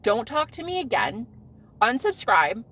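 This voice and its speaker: A woman in her thirties, a vlogger talking casually outdoors on a street in a brash, loud-mouthed way, swearing and laughing often. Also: on the high side, big pitch swings, measured pace, a little hiss or hum. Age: 30s.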